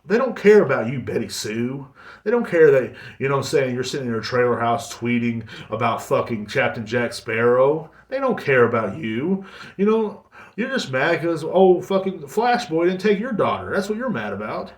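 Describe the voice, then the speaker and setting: A man's voice: medium pitch, animated, normal speed. A man rants on his podcast, heated and swearing freely. He mocks other people by putting on their voices. His voice is recorded in an echoey room. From United States. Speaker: podcast host. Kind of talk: profane ranting monologue.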